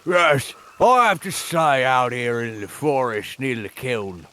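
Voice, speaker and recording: A man's voice: medium pitch, animated, slow pace, sharp tone, clear, resonant tone. A man voicing a friendly male charcoal burner who lives in the forest, as a live game voice-over.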